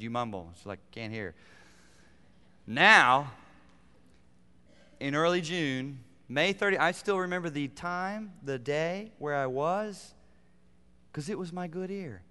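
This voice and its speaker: Resonant pastor preaching in a reverberant hall. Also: male voice, medium pitch, clear, resonant tone. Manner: animated, rising to emphatic peaks then dropping to quiet asides. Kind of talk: sermon. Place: church sanctuary. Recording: long reverb of a large hall.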